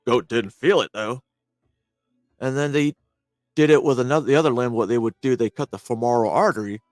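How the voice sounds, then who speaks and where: A man's voice: medium pitch, a little fast, dry recording, clean studio sound, faint music behind. A man, an army veteran, tells his training stories in a blunt, profane and casual way, acting out what people said. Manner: blunt, swears freely, acts out quoted reactions. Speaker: army veteran reacting to a clip.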